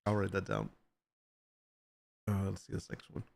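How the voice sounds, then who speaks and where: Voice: low voice, big pitch swings, normal speed, creaky, a little mellow. A live-stream host in casual chat, reading viewer requests aloud and often laughing while reacting to photos.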